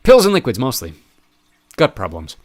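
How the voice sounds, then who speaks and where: A man doing a brash loud American tycoon. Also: medium pitch, wildly swooping pitch, normal speed. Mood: brash, eager. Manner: boisterous, pushy and louder than the narration.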